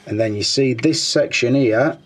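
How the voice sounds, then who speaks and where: A toy reviewer gives an informal, chatty walkthrough of a collectible figure, hesitating often with "uh" fillers. His voice is medium in pitch and moderately paced, with slight background noise.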